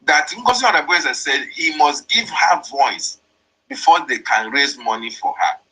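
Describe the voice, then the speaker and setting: Emphatic man, bright husky voice. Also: fairly high pitch, expressive, a little slow, poor audio. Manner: repetitive, emphatic explaining. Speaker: commentator. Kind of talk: interpreting a played voice note.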